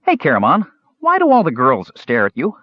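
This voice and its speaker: A man's voice: on the high side, wildly swooping pitch, a little fast, dry recording, dull audio, voice pushed up. A man voicing a small, cheerful male kender who chatters eagerly and carelessly.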